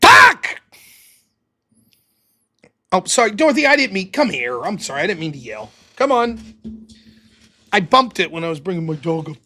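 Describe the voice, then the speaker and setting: A man's voice: on the high side, very animated, fairly quick, sharp tone, no room sound. A man hosting his own live stream, chatting casually in a loose, rambling way and swearing freely. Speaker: live streamer and show host. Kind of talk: casual late-night live stream chat.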